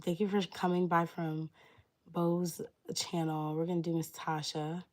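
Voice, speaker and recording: A young woman giving live-stream tarot readings in a casual, rambling way, full of fillers and hedges. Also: lowish voice. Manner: casual, filler-heavy, hedging talk. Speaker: tarot reader.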